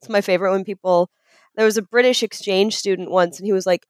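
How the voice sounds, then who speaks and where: A woman chats casually as a podcast co-host in a playful, joking manner. Her voice sits at a middle pitch and sounds close and dry, with no room around it. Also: quick pace, no echo. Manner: playful, joking, animated storytelling. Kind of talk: casual chat.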